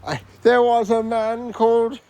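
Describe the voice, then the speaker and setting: A man's voice: extremely high pitch, flat delivery, a little slow, dark tone. A man vlogging outdoors on a wet evening street, making up playful comic rhymes into a handheld camera mic. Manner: playful, giggly. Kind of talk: improvised comic rhymes on a walk.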